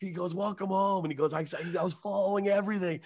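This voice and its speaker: A very fast, high male voice belongs to a comedian guest telling a long story during casual chat. Animated and swearing freely, he acts out the voices of the other people.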